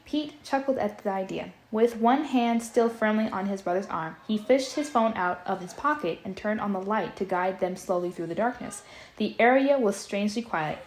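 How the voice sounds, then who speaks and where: A woman's voice: medium pitch, echoey room, a little hiss or hum. A woman casually reading a storybook aloud, stumbling and restarting, with chatty asides. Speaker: audiobook reader. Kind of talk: casual read-aloud with commentary.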